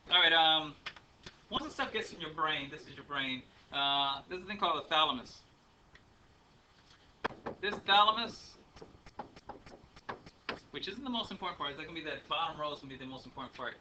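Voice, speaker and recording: A man's voice: fairly high pitch, lively intonation, normal speed, pauses often, pushed and bright. A man teaching a math class, lecturing in a chatty, rambling way with many ums and uhs. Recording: faint room noise, speaker a bit far from the mic.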